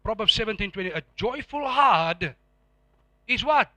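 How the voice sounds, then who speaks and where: Male pastor, animated sermon, high voice, bright tone, dry sound. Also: moderate pace, dry recording. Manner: animated preaching, rhetorical questions to the congregation.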